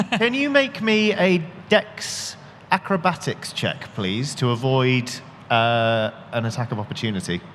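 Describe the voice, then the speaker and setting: A man narrating as game master in a live tabletop game on stage, animated and joking, with many fillers. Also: mid-range voice, a little slow, noisy background. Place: large convention hall. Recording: live hall reverb with audience murmur.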